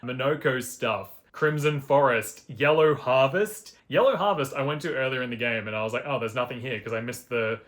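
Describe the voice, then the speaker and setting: A man's voice: medium pitch, normal speed, hardly any pauses, fairly bright tone. Man reviewing a game. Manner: enthusiastic and reflective, with asides. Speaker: gaming video host. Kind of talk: casual game review monologue.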